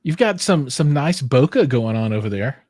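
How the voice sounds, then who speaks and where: A man's voice: medium pitch, sing-song, normal speed, a little mellow, no room sound. Guy hosting a home livestream, jokey, voice jumps around a lot, very dry close sound. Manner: joking, acts out quoted voices. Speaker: livestream host. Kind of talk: casual chat. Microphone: headphones with a studio microphone on a boom arm.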